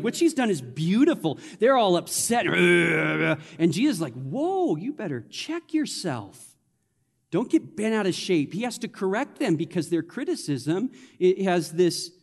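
A man with a fairly high voice preaches to his congregation, with a loose, conversational delivery and playful asides. His voice rings out with a long reverb from the church hall. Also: a little mellow. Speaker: pastor. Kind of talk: sermon. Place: church sanctuary.

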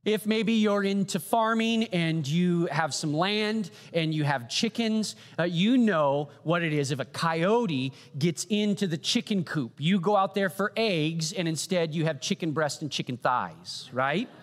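A man preaching a sermon, animated, often asking the audience "right?" and posing rhetorical questions. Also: on the high side, a little slow, hardly any pauses. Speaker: pastor. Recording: long hall reverb.

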